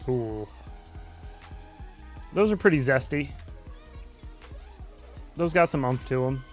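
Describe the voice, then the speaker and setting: A man's voice: medium pitch, expressive, slow, soft background music. A man hosting a casual livestream, chatting loosely and swearing casually between reactions. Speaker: livestream host.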